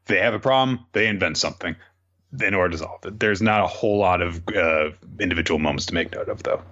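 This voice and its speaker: Podcast co-host, male, lower voice, bright and forceful, dull lo-fi recording. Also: quick pace. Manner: laid-back, dry summaries with filler words. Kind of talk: casual chat recapping manga chapters. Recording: dull lo-fi sound.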